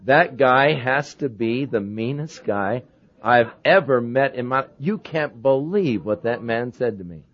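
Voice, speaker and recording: A man doing a hushed, low-voiced pastor. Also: lively intonation, a little slow. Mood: mock outrage. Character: a pastor in a joke, hushed and plainspoken. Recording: dull lo-fi sermon recording.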